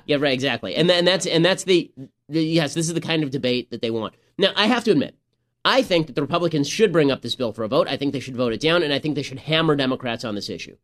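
A man's voice: fairly high pitch, lively intonation, fast talker, fairly bright tone. A man hosting a political commentary podcast, talking in a sarcastic, mocking way. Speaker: podcast host.

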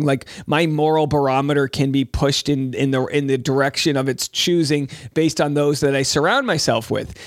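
A man's voice: fairly high pitch, dry recording, studio quality. A man hosting a talk show, reading celebrity news aloud and breaking off with wry, jokey asides. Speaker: show host. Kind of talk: casual commentary reading news articles.

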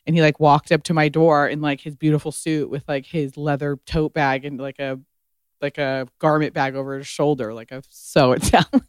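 A woman guest on a podcast, casually telling a story with lots of "like" and animated retelling. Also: low voice, moderate pace, clear, resonant tone, no echo, clean studio sound. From United States. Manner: chatty, heavy use of "like", animated retelling.

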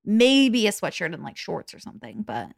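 A young woman from Arizona co-hosting a casual podcast, relaxed and agreeable, with quick reactions. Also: medium pitch, vocal fry, no echo, studio quality. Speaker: podcast co-host. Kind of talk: casual chat.

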